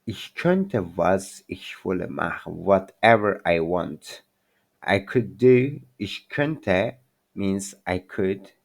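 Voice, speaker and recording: Male tutor, low voice, unhurried and self-correcting, casual lesson. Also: big pitch swings, creaky. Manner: halting, self-correcting, apologetic non-native English. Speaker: language teacher. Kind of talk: informal screen-share language lesson.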